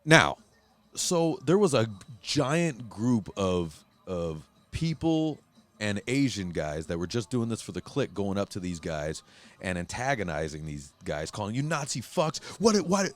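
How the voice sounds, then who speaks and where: A man hosting a casual podcast chat, telling a story in a profane, animated way and acting out quotes. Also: lowish voice, unhurried. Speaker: host. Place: Huntington Beach, California.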